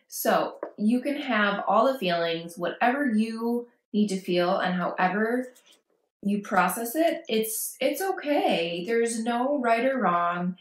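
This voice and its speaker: A woman's voice: on the high side, animated, takes it slowly. A woman vlogging parenting advice, talking casually and reassuringly to camera and acting out worried quotes. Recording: echoey room.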